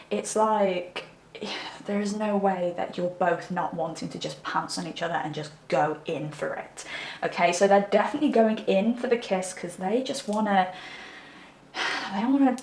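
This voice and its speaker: A woman's voice: mid-range voice, darkish tone, slight background noise. A woman giving a tarot card reading, talking in a chatty, intimate way and checking in with her listener. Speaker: tarot reader. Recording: echoey room.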